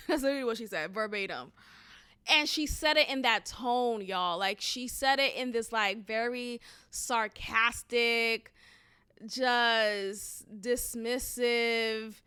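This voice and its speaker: With a high, expressive voice that's bright, clear and resonant, a podcast host in her thirties speaks at a measured pace and with a forceful tone. Her casual storytelling monologue is candid and chatty, rambling with restarts as she talks straight to "y'all."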